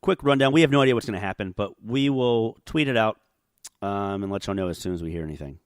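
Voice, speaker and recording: A man's voice: fairly low pitch, quick pace, clean tone, no room sound, clean studio sound. A man co-hosting a casual podcast chat, talking in a profane, joking way while a bit tipsy. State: tipsy from drinking. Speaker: podcast co-host.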